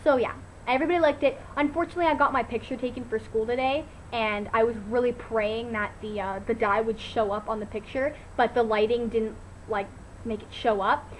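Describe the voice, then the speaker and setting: Chatty teenage girl with a higher voice. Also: fairly quick, slight background noise, low-quality recording. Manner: chatty, animated storytelling, full of "like" and fillers. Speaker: vlogger. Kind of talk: casual chat to camera. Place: at home, indoors.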